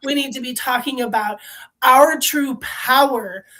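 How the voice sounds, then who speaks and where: High-pitched woman, strong trained voice, fervent, blunt, swears freely, impassioned conversational talk. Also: unhurried, a bit bright, poor audio. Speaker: podcast guest.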